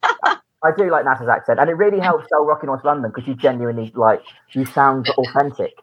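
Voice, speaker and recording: A man co-hosting a casual podcast chat, eager and quick, restarting sentences as he goes. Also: mid-range voice, lo-fi sound. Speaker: podcast co-host, production company director.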